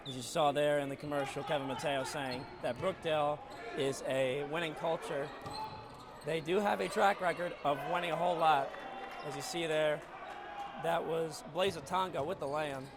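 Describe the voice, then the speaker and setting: Raspy, excitable basketball play-by-play man. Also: a little high, normal speed. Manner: excitable, shouts on big plays. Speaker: play-by-play commentator. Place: arena skybox. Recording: noisy arena broadcast feed. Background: arena ambience, ball bouncing.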